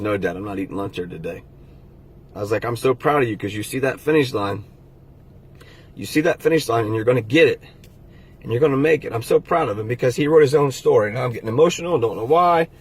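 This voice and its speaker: Husky-voiced man giving earnest encouragement. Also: medium pitch, darkish tone. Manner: earnest, heartfelt, direct. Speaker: motivational vlogger. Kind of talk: casual motivational talk to camera.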